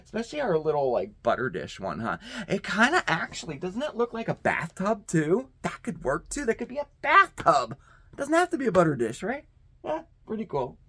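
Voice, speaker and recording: A man's voice: high voice, wildly swooping pitch, normal speed, bright, forceful tone, breathy edge, no echo. A man hosting a casual DIY craft video, chatty and upbeat, often checking in with "okay?". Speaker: host.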